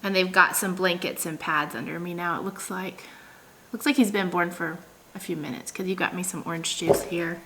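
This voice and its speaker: A woman's voice: fairly low pitch, steady tone, normal speed, heavy background noise. A woman in her thirties, a vlogger, telling a story in a chatty, casual way with lots of fillers and laughs.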